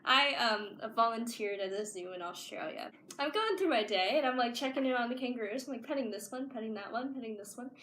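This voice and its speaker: A woman's voice: a little high, brisk, hardly any pauses, fairly bright tone, echoey room, a little hiss or hum. A young woman telling a funny story in a casual, chatty way, full of "like"s. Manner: chatty, laughing, many "like"s. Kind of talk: casual anecdote.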